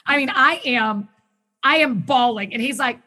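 A woman talking as a guest in a casual conversation, enthusiastic and quick in bursts, often restarting her sentences. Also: sits high, pushed and bright. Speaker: podcast guest who hosts her own show.

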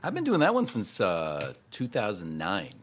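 A male voice actor and impressionist chatting casually in an interview, quick and chatty and laughing often. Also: fairly low pitch, huge pitch swings, a little hiss or hum.

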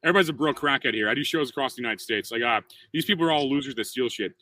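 A man in his thirties, a comedian co-hosting a podcast, bantering quickly with lots of profanity and restarts. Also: medium pitch, heavy background noise. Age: 30s. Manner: rapid, profane, joking banter with many restarts. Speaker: comedian co-host. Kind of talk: casual podcast chat.

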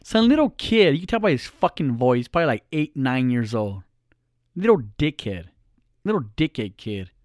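A man's voice: mid-range voice, sing-song, moderate pace, a little mellow, no room sound, clean studio sound. A middle-aged man vlogging in a blunt, profane, heated rant straight to his viewers. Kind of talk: casual ranting monologue.

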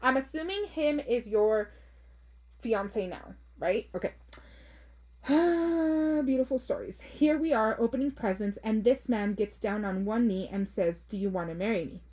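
A woman in her thirties with a slightly husky, fairly high voice hosts a casual podcast, reading out listener stories. She talks bluntly and swears freely. She slips Spanish phrases into her English. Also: lively intonation, measured pace, dark tone. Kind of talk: casual chat.

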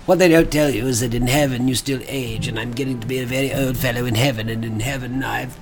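The ghost of an aging rock star from Liverpool, put on by a man, nasal and earnest, rambling along. His voice sits mid-pitch over a clear music bed. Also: steady tone, quick pace, lightly acted. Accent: put-on Liverpool accent. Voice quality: nasal, drifting toward an old posh actor.

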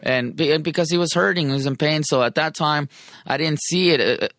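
A man's voice: on the high side, fairly quick, fairly bright tone, no echo. A man speaking in a blunt, profane way with street slang, recounting his life in a casual conversation. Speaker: guest telling his life story.

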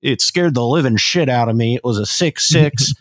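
A man putting on a slow, folksy churchgoing rural character with a Midwest Southern drawl, deadpan. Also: medium pitch, no room sound, lightly acted.

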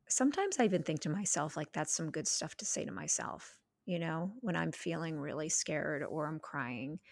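A woman's voice: on the low side, creaky, no echo, clean studio sound. A woman hosting a solo podcast, talking earnestly about mental health in a rambling way, with many fillers and restarts. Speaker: podcast host.

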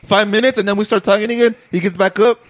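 Young male podcast host, high pitch, crude joking banter with Spanish slang. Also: fairly even intonation, fast, no room sound. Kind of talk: casual podcast chat.

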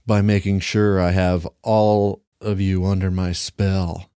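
A woman's voice: very deep voice, little pitch movement, slow pace, warm tone, smooth, no echo, studio quality. Man reading as a coy flirtatious witch. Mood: teasing.

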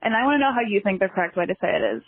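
A woman's voice: medium pitch, lively intonation, rapid-fire. A woman listener leaving a chatty voice message for a podcast. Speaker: listener caller. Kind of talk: recorded voice message. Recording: tinny phone-line message.

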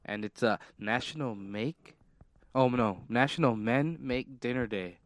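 A young man co-hosting a podcast in casual chat, laid-back and playfully deadpan. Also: medium pitch, unhurried, no echo. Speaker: podcast co-host.

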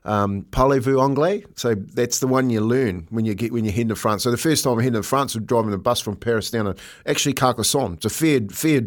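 A middle-aged man with a New Zealand accent, co-hosting a podcast and telling animated anecdotes in casual chat, laughing often. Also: lowish voice. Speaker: podcast co-host, former rugby league player.

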